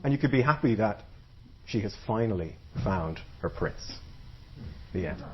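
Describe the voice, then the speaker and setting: A man's voice: on the low side, lively intonation, normal speed, highs cut off, very noisy. A man telling a folktale live to an audience, dramatic and playful, drawing the crowd in. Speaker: storyteller. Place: live storytelling event before an audience.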